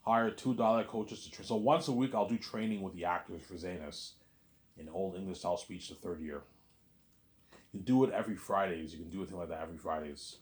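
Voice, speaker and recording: Very low-voiced man rambling late at night. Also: fairly even intonation, a little fast. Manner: meandering, repeats himself, says "obviously" often. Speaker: vlogger.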